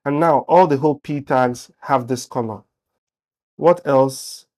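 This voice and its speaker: A man's voice: mid-range voice, unhurried. A man teaching a web development lesson, talking through code as he types it on screen. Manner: relaxed, thinking aloud while typing. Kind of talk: screen-share coding tutorial.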